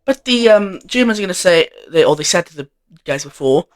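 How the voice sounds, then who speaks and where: A man's voice: sits high, expressive, a little fast. A man narrating an alternate-history map in a casual, rambling way, full of fillers and offhand self-corrections.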